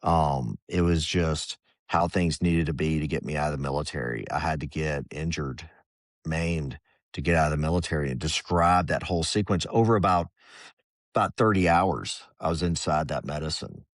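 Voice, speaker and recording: This middle-aged former Army Ranger, a podcast guest, has an extremely low-pitched voice and talks at a normal speed. He tells his story candidly and at length in a relaxed, rambling way, often slipping into quoted inner voices. The sound is studio quality with no room sound.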